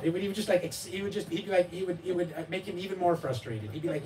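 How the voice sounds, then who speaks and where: A man with a high-pitched, darkish voice races through talk about his memoir at a bookstore event, barely pausing. He rambles, restarts, fills gaps, and pokes fun at himself, often laughing as he mimics his child and readers. There's slight background noise, and the distant mic picks up the room.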